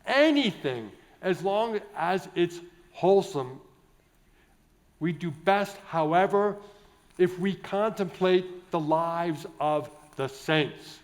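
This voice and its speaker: Chatty priest, higher voice. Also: male voice, lively intonation, takes it slowly. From United States. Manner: chatty and jovial, digressive, with many restarts and asides. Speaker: Catholic priest, keynote speaker. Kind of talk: conference keynote talk. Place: large indoor conference hall.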